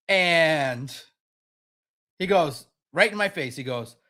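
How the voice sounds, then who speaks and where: Brief: man with a high voice, sports podcast host, lively and joking. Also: takes it slowly, pauses often. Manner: animated, mocking impressions of others. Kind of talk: casual sports talk.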